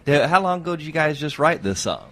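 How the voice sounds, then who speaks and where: A man co-hosting a local radio show from the studio, with a Midwest American accent. His pitch swings widely as he jokes and laughs with the guests in casual chat. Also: fast. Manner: laughing, joking and animated.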